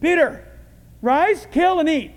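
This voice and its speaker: Brief: male preacher voicing a commanding divine voice, lively pitch, big hall echo. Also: drawn-out words, vocal fry, exaggerated voice. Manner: emphatic, commanding.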